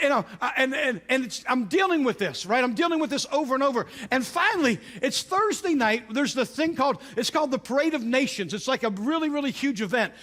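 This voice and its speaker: High-voiced preacher, loud then hushed. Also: male voice. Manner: storytelling preacher, swings from loud exclamations to hushed intensity. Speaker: pastor. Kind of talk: sermon.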